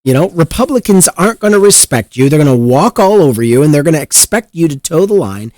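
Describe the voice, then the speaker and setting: A man's voice: on the high side, big pitch swings, fast, a little mellow, no room sound. Guy ranting about politics, swears a lot, voice jumps all over, dry close sound. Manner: heated, profane, mocking voices. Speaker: political commentary host. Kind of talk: casual political commentary.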